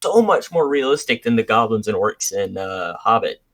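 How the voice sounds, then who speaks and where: A man's voice: lowish voice, lively intonation, normal speed, a bit bright, a little hiss or hum. A man chatting casually as a podcast co-host, easygoing and talkative. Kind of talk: casual chat.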